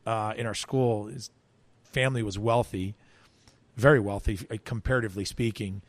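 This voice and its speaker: A man's voice: fairly low pitch, steady tone, moderate pace, no echo. A man telling a story in an interview, acting out quoted voices, with frequent restarts. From United States. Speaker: interview guest.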